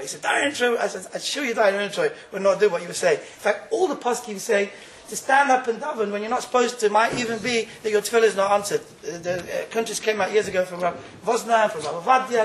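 A man with a very high voice teaches an informal Torah class at a fast clip, telling stories in an animated way and laughing as he goes. He is recorded in an echoey room with a faint hum of ambience behind him. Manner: storytelling, animated, laughs often.

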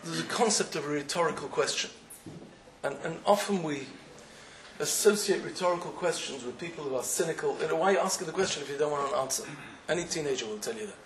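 A man's voice: on the high side, fast, reverberant, slight background noise, rough recording. A man giving a sermon as a rabbi, with an impassioned manner that builds into emphatic questioning.

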